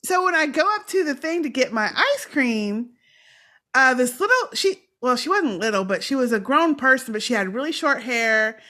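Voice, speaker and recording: Animated high-voiced woman podcast host. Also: normal speed. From Texas. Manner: animated storyteller, reads listener feedback. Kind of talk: casual podcast chat.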